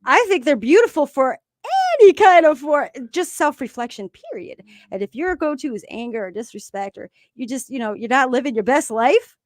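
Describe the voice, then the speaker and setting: A woman with a high-pitched voice co-hosts a podcast for a casual recovery discussion, speaking at a normal speed. She opens up about her own life with emotion and animated storytelling, recorded dry at studio quality.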